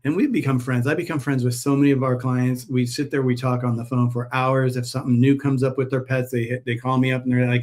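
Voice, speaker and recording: A man who sells herbal pet supplements packs orders on a live stream, chatting casually and telling rambling stories in a friendly sales way. His mid-range voice is fairly flat in pitch, at normal speed.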